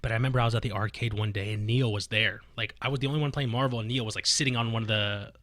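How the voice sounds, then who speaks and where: A man telling stories as a podcast guest, animated and profane, full of fillers. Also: on the low side, rapid-fire, dry recording, clean studio sound. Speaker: podcast guest, competitive fighting game player. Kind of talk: casual podcast chat.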